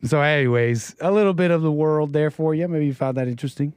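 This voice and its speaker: A man's voice: a little high, fast talker, a little mellow, clean tone, no room sound. A slightly sick man hosting a call-in livestream, rambling and chuckling as he comments, recorded close to the mic. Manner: rambling, chuckling, self-interrupting. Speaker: livestream host. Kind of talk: casual call-in stream commentary.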